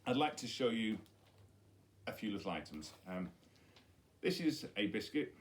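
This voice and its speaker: A man's voice: on the low side, very animated, normal speed. A middle-aged man, a head teacher, chatting playfully to pupils while demonstrating with props in a school video message.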